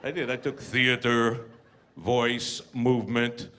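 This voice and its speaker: A man performing a stand-up comedy routine, telling stories and acting out voices with deadpan punchlines. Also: mid-range voice, slow. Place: comedy stage with live audience. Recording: live audience, noisy room.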